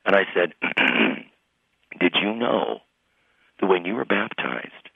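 Male pastor, low husky voice, phone-line audio, animated storyteller. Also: takes it slowly, no echo. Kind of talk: radio interview, storytelling. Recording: tinny phone-line sound.

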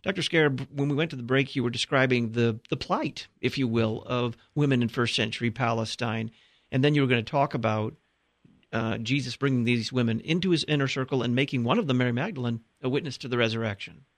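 A man hosting a radio call-in show from the studio, with clear, measured announcing. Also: medium pitch, no room sound. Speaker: radio talk show host. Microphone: studio microphone.

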